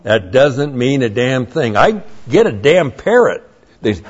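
A man's voice: mid-range voice, sing-song, unhurried, slightly rough, highs cut off. A man preaching a sermon, emphatic and blunt, with mocking asides.

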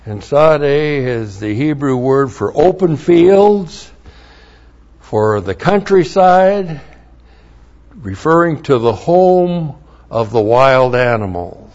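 A man's voice: medium pitch, animated, slow, darkish tone, lo-fi sound. A man teaching scripture verse by verse, reading passages aloud with emphasis and spelling out Hebrew words letter by letter. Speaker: Bible teacher.

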